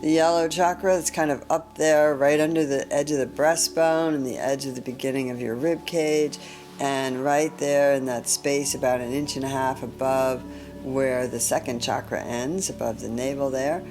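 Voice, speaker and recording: A woman leading a guided chakra meditation in a calm, gentle way, often clearing her throat. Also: a bass voice, normal speed, soft background music. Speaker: meditation teacher.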